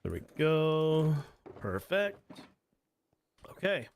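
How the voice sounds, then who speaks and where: A man's voice: on the high side, big pitch swings, drawn-out words, a little hiss or hum. A man refereeing a card game over voice chat, patiently explaining the rules step by step.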